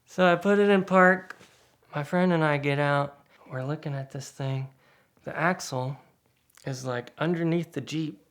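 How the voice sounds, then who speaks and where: A man telling a casual spoken anecdote in a lively way, acting out the other people's lines. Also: measured pace. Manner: lively, acts out quoted voices with sudden pitch jumps. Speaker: guest storyteller.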